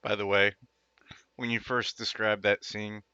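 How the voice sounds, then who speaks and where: A man's voice: on the low side, flat delivery, measured pace, bright, forceful tone, clean tone, dry recording. A man chatting casually out of game with other players. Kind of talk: casual chat. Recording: dull lo-fi mic.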